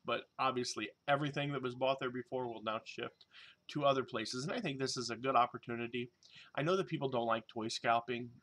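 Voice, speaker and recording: A man in his thirties chatting casually in a vlog, rambling and joking, with lots of fillers and restarts. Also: mid-range voice. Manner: louder and excited when showing toys. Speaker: vlogger and toy reseller.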